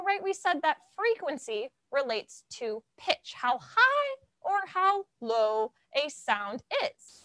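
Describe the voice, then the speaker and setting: A woman teaching a lively live science lesson for children, explaining and demonstrating to viewers at home. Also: no room sound. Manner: lively, animated teacher, demonstrates high and low voices. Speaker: science educator. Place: science center.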